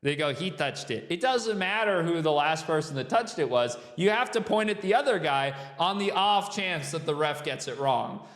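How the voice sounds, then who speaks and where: A man's voice: high voice, a bit bright, roomy sound, long reverb tail. A man hosting a reaction show, exasperated and incredulous, swearing and laughing as he picks apart a referee's calls. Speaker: host reacting to a skate video. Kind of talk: reaction commentary.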